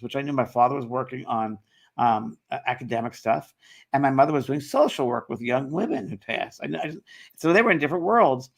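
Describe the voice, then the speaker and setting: Gravelly-voiced man telling a story. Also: mid-range voice. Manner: animated storytelling, quotes others with quick voice shifts. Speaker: host. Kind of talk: casual chat.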